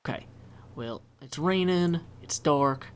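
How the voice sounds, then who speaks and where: A man's voice: a little high, slow, a little hiss or hum. A man hosting a video game let's play, chatting casually and thinking aloud as he builds. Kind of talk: casual gameplay commentary.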